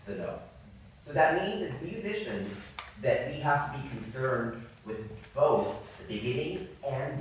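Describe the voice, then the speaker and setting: Male music coach leading a masterclass, animated and apologetic, heard from a distant mic in a very echoey hall. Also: mid-range voice, slight background noise. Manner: apologetic, animated, demonstrating by singing. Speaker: viola masterclass teacher.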